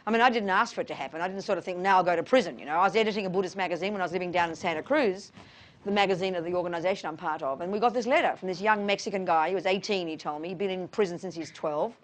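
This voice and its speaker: This middle-aged Buddhist teacher talks very fast in a fairly low voice while fielding questions during an informal dharma talk. She's frank and forceful, and she calls her listeners "honey" and "darling."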